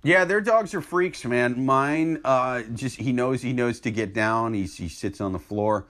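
A man on a comedy podcast trading crude, deadpan jokes in casual chat. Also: measured pace. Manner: deadpan, crude joking with a lively pitch.

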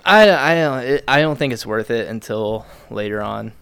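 A man's voice: mid-range voice, lively intonation, normal speed, gravelly, fairly bright tone, clear, resonant tone, dry recording. A young man co-hosting a podcast, chatting casually and jokingly about video games, often trailing off and restarting. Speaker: podcast co-host. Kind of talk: casual gaming chat.

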